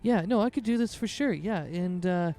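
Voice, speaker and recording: A man's voice: high-pitched, normal speed, dark tone, faint music behind, pitched above the performer's own voice. A man voicing a friendly female orc tattoo artist who talks in an easygoing, businesslike way. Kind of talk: tabletop role-play voicing.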